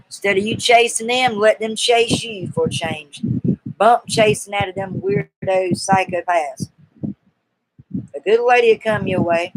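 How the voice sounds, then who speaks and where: A woman's voice: on the high side, very animated, measured pace, vocal fry, a little hiss or hum, poor audio. A woman with a Southern US accent hosting a casual live-stream Q&A, chatty, folksy and teasingly coaxing her viewers.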